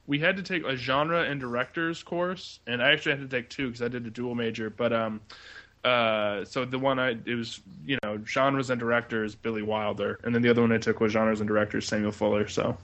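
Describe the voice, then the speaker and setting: A man's voice: mid-range voice, fairly even intonation, brisk, a bit bright, lo-fi sound. A man co-hosting a casual film podcast, talking at length with frequent hesitations and fillers. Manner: rambling, many "uh" and "um" fillers. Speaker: podcast co-host.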